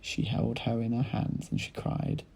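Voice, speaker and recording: A male teacher reading a children's book aloud in lively storytelling style, speaking to his pupils. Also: medium pitch, unhurried, vocal fry, slightly rough, rough recording. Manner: animated storytelling, addressing children.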